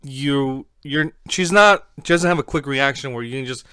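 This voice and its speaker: A man's voice: mid-range voice, normal speed, smooth. A man guesting on a casual podcast chat, talking animatedly and swearing often. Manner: animated, swears a lot, acts out his own shouting.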